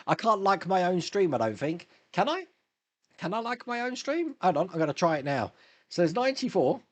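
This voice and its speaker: A man's voice: high-pitched, no room sound. A man hosting a casual live stream, chatting and reading viewer comments with frequent chuckles and restarts.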